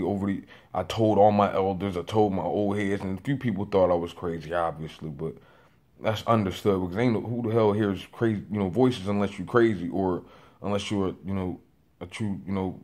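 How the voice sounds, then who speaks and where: A man's voice: low voice, fairly even intonation, a little fast. A man in his late twenties telling a personal testimony in a rambling, restarting way with lots of fillers. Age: 20s. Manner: says he is a loud talker working on voice control. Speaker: vlogger.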